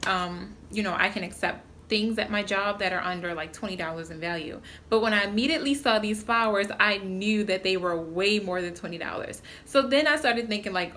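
Chatty, excitable young woman vlogger. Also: medium pitch, slight background noise. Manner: chatty and excitable, animated storytelling. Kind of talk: casual chat.

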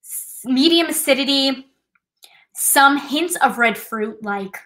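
A woman's voice: high voice, lively intonation, slow pace, fairly bright tone, rough recording. A woman hosting a live trivia night, chatting casually and explaining things step by step with a self-deprecating touch. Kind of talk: casual live-stream demonstration.

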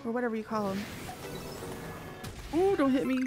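A woman talks in a high, bright register as she streams a game live. She is chatty and excitable and greets her viewers by name. Faint music plays underneath her voice. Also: moderate pace. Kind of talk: casual live-stream chat.

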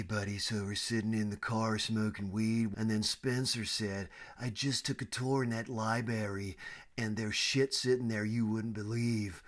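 A man's voice: lowish voice, lightly acted. A man doing an amateur American accent, voicing a laid-back young college stoner who talks in casual slang. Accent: put-on American.

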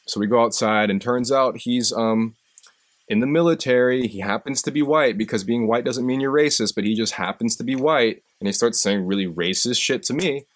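Speaking at medium pitch and a normal pace, this live stream host tells stories and delivers a profane, impassioned motivational speech. His intensity climbs whenever he gets fired up.

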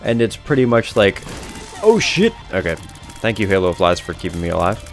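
Young guy chatting over his game, low voice, headset mic, a bit of music behind, swears and trips over his words. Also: fast, vocal fry. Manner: rambling, self-correcting, laughs often, swears casually. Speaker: gaming video host. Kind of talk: casual gameplay commentary.

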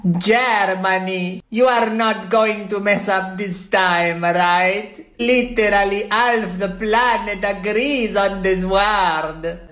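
A woman's voice: mid-range voice, slow pace, few pauses, fairly bright tone. A woman, playing a teacher character in a comedy sketch with exaggerated, theatrical exclamations. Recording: echoey room.

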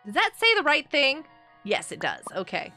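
A young woman chatting excitedly with viewers as she streams a game. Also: high voice, normal speed. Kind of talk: live gameplay commentary. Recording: game music behind. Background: game music.

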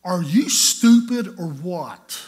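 A man's voice: sits high, lively intonation, slow, darkish tone, pitched above the performer's own voice. A man voicing his sick, cranky young roommate, whiny and exasperated. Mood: scornful.

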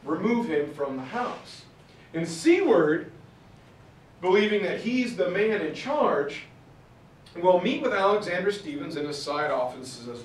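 Man, history lecturer, storytelling, animated quoted voices, heard from afar in a roomy hall. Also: high voice, measured pace, slight background noise. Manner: acts out quotes with shifting voices. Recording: roomy far-off mic recording.

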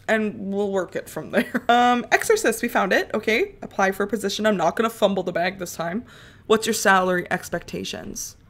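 Chatty young woman narrating gameplay. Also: medium pitch. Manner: chatty, bursts into loud laughing outbursts. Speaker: gaming YouTuber. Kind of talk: casual gameplay commentary.

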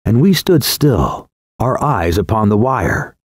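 A man narrating an audiobook in a dramatic, expressive way on a close studio mic. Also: lowish voice, takes it slowly, no room sound.

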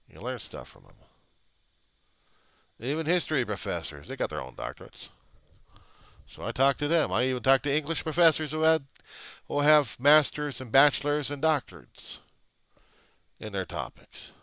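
A middle-aged man in a rambling casual monologue, gruff and grumbling, swearing freely as he talks to his webcam. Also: mid-range voice, sharp tone, no echo. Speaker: vlogger.

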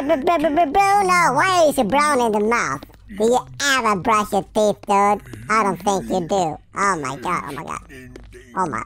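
Goofy chipmunk-voiced gamer. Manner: goofy and excitable, silly sound effects and nonsense chatter. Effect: chipmunk pitch-shift. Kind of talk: let's play commentary.

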